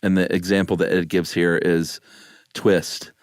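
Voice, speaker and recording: Deep-voiced man, laughing podcast co-host. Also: level tone, unhurried, dry recording, studio quality. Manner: laughing often, rambling and hesitant. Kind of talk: casual chat.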